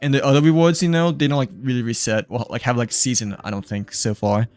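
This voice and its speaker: A man's voice: medium pitch, steady tone, quick pace, darkish tone, no echo, soft background music. A young man chatting casually while streaming a game, rambling with lots of filler words and trailing off. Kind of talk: casual live-stream chat.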